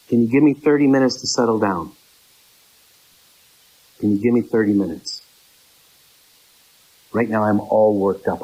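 A middle-aged man delivers a sermon in a low, unhurried voice. He walks through numbered points, repeating key phrases, and briefly jumps to a high pitch to mimic other people's objections. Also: a little mellow, rough recording. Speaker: preacher.

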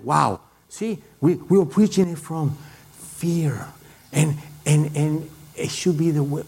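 A middle-aged man with a foreign accent preaching a sermon and telling a personal story in an animated way, with many halting restarts. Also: a little high, vocal fry.

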